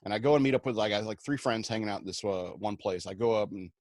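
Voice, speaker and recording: A man's voice: lowish voice, quick pace, a little mellow, no room sound. A man on a radio show, telling self-mocking comic anecdotes and acting out the quotes along the way. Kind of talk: comic storytelling.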